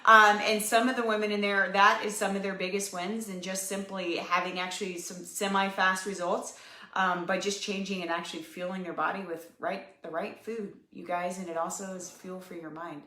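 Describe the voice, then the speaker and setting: A woman's voice: mid-range voice, little pitch movement, normal speed, sharp tone. A woman giving an upbeat, encouraging live fitness coaching talk, speaking straight to her viewers. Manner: upbeat, encouraging, talks to viewers as "you guys". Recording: echoey room.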